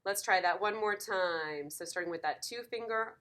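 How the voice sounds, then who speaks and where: A woman's voice: fairly low pitch, normal speed, sharp tone. A woman teaching piano in a lesson video, encouraging and counting beats aloud.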